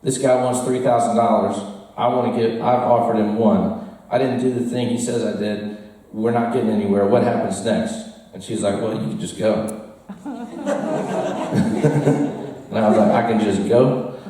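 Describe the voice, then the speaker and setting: Male storyteller, mellow voice, roomy bar sound, mic at a distance, animated and laughing. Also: on the low side, moderate pace. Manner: animated, laughs through his story, chats with the crowd. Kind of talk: live storytelling to a bar audience. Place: bar with an audience. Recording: roomy echo, mic far off.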